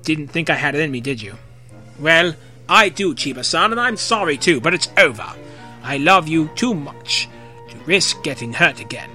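A man's voice: on the high side, expressive, bright, forceful tone, faint music behind. A man reading as a bitter, sarcastic teenage heroine. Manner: sarcastic, quick, rising to anger.

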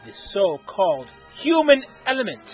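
A man's voice: high voice, big pitch swings, moderate pace, soft background music. A man reading as a newly self-aware war machine. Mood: earnest. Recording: tinny phone-like recording.

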